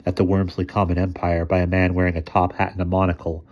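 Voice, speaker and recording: A man reads a short story aloud, steady and measured. His voice sits low with a dark, mellow tone. The recording sounds dull and lo-fi. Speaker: story reader. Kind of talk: storybook reading.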